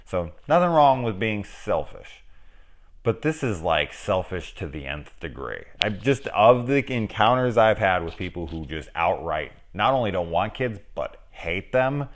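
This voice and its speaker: A man reviewing a film in casual, rambling, joking chat, swearing freely. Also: low voice. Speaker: movie reviewer.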